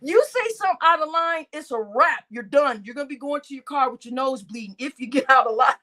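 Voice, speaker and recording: Woman, vlogger, high voice, lively pitch, slangy storytelling, laughs a lot. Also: a little fast. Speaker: vlogger reacting to news. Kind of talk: casual commentary.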